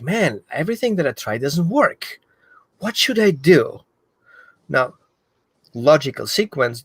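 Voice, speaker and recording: A man explaining dog training in an animated way, acting out what the dog thinks. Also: medium pitch, no room sound. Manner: animated, acts out the dog's thoughts. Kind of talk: explanatory talk.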